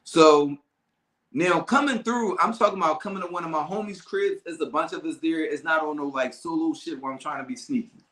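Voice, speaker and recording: A man hosting a casual talk show, telling stories with lively acted-out dialogue. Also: a little high, fairly quick, roomy sound. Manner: animated storyteller, acts out calm and angry callers. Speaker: podcast host. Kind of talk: casual storytelling chat.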